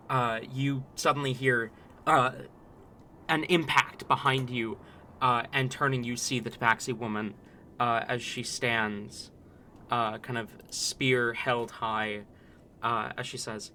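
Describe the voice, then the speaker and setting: A man narrating a tabletop role-playing game as game master, in a relaxed, hesitant way with many "kind of"s. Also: mid-range voice, slow pace, slight background noise.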